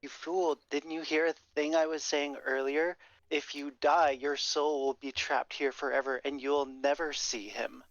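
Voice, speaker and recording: A man voicing a stern adventurer in a tabletop game, scolding a despairing woman in a slow, deliberate way. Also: fairly high pitch, flat delivery, dry recording. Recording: dull lo-fi microphone.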